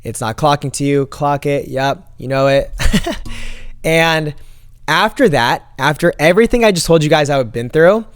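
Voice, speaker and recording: A young man vlogging an animated story to camera and acting out the quoted lines. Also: on the high side, a little slow, smooth, no echo. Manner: animated, acts out quoted dialogue.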